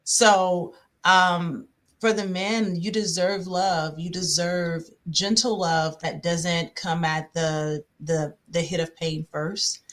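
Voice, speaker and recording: A woman relationship coach talking casually on a podcast, animated, laughing often and pausing on "um". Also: on the low side.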